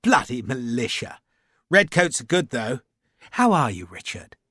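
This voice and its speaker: An audiobook narrator voicing a smooth, cheerfully mocking aristocratic renegade officer. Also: male voice, mid-range voice, very animated, measured pace, sharp tone, no echo, studio quality, heavily acted. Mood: urbane, mocking. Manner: urbane, mocking, genteel.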